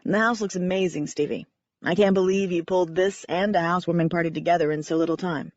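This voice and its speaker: A woman's voice: lowish voice, fast, no echo, muffled recording, voice pushed down, natural voice. A woman voicing a friendly young man. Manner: relaxed, friendly. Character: easygoing handsome young man.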